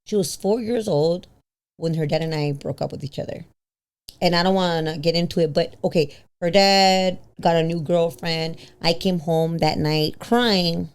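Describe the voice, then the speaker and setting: A woman in her thirties, a podcast guest telling a personal story casually, acting out quoted voices with big pitch jumps and slipping into Spanish now and then. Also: fairly even intonation, normal speed, clean tone. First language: bilingual, switches into Spanish. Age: 30s.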